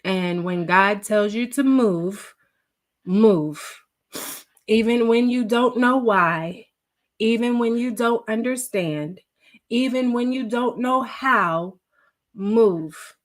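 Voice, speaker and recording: A woman's voice: on the high side, slow pace. A woman hosting a live devotional, earnest and tearful, talking directly to her viewers. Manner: earnest, emotional, reads viewer comments aloud. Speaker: devotional livestream host. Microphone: livestream.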